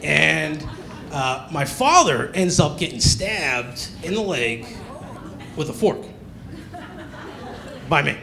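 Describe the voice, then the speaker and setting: A male comedian on a club stage tells a story in a high, gravelly voice. His pitch swings widely as he acts out each character. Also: very animated, takes it slowly, pauses often, pushed and bright, a little hiss or hum. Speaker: stand-up comedian.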